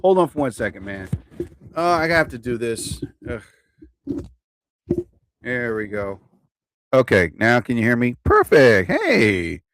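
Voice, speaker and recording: A man's voice: medium pitch, huge pitch swings, slow pace, pauses often, fairly bright tone, no room sound. A man hosting a live stream, ranting in a rambling, profane way and often repeating himself. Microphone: own desk mic.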